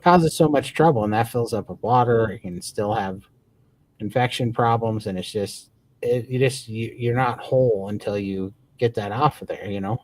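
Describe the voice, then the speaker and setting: A man's voice: fairly low pitch, moderate pace. A man co-hosting a casual livestream chat, talking with eager, grateful enthusiasm and rambling restarts. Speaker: podcast co-host.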